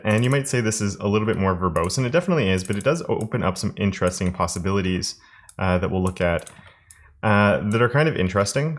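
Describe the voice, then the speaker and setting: A man teaching web development in a screen-recorded coding tutorial, thinking aloud in a relaxed way with fillers and restarts. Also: fairly low pitch.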